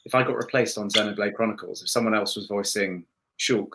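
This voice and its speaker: A man's voice: on the low side, steady tone, brisk, fairly bright tone. A male voice actor chatting as a podcast guest, rambling with restarts and self-mocking swears. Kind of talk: casual podcast chat.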